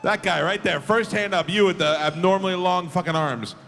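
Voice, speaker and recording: A man's voice: sits high, a little fast, creaky, a bit bright. A man hosting a live show on stage, doing casual, teasing crowd work. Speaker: show host and emcee. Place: theater stage. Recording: theater reverb with music behind.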